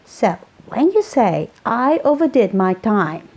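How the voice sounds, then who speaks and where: A woman's voice: a little high, very animated, takes it slowly, a little mellow, full character voice. A woman voicing a friendly, casual young man asking curious questions. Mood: chummy. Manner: casual, chummy.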